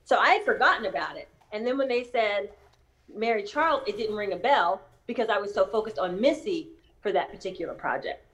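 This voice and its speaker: A woman's voice: medium pitch, fairly quick. Chatty woman telling an anecdote. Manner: animated, acts out quoted voices. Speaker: actress. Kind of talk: casual storytelling chat.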